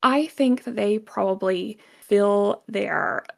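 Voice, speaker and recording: Laughing, gravelly-voiced woman voice actor. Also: mid-range voice, slow pace. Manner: chatty, laughs often, many "like" fillers. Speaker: guest voice actor. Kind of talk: casual interview chat.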